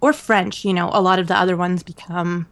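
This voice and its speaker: A woman co-hosting a podcast, telling a travel story in a casual, animated way with many fillers and laughs. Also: fairly low pitch, fairly quick, dry recording. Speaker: podcast co-host. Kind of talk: casual chat.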